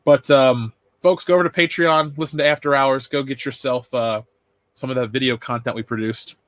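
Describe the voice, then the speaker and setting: A man's voice: mid-range voice, fairly even intonation, normal speed, no echo. A man hosting a pop culture podcast in loose, joking chat, swearing freely. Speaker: podcast host. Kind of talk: casual chat.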